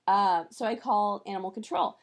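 Animated woman telling a story in casual chat. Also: medium pitch, normal speed. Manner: animated storyteller who acts out the people she quotes, with profanity. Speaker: podcast co-host.

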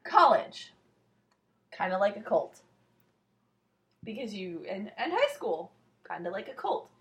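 A woman's voice: medium pitch, very animated, measured pace, fairly bright tone, echoey room. A woman in her thirties co-hosting a podcast, chatting casually and teasing with lots of laughter. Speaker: podcast co-host. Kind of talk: casual chat.

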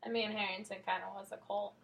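A woman's voice: mid-range voice, level tone, fast talker, fairly bright tone. A woman co-hosting a podcast, chatting casually with a joking, self-deprecating manner. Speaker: podcast co-host. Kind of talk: casual chat.

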